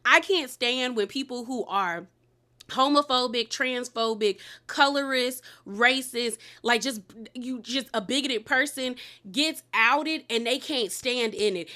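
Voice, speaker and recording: A woman's voice: high-pitched, normal speed, pushed and bright. A woman hosting a reality TV recap, talking in a sassy, blunt way and laughing often. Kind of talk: casual recap commentary.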